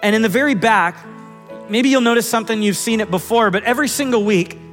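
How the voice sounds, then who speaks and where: A high-voiced man preaching in a church sanctuary, his words trailing into a long hall reverb. He speaks earnestly and conversationally, often repeating a word as he goes. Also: quick pace, fairly bright tone, faint music behind. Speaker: pastor. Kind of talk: sermon with personal story.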